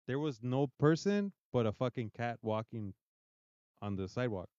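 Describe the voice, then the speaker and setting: A man's voice: medium pitch, lively intonation, normal speed, darkish tone, clear, resonant tone, no room sound, muffled recording. Rambling bilingual man telling a spooky story. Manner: rambling, swearing, mixing English and Spanish. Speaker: podcast co-host. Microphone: podcast mic.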